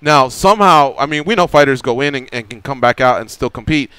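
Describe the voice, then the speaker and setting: A male radio host interviewing a fighter, laying out his points in a measured, explanatory way. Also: medium pitch, lively intonation, pushed and bright, clean tone, dry recording. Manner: measured, explanatory, careful framing.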